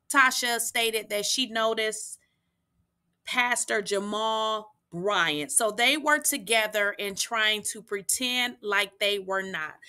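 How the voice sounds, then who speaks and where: A young adult woman giving casual celebrity gossip commentary, chatty and addressing her viewers directly with frequent pauses and "um"s. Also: a little high, sharp tone. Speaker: gossip news vlogger.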